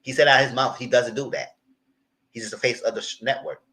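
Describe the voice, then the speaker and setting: A man in a live chat recapping a reality TV show, talking in an animated, outspoken way with lots of slang. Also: mid-range voice, brisk, creaky, rough recording. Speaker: reality TV commentator.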